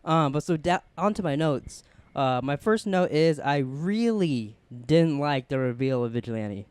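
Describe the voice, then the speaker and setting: Young male co-host, excitable rambler, slightly high and smooth. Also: measured pace, no echo. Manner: excited, rambling with many "like"s and restarts. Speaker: podcast co-host. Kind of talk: casual TV review chat.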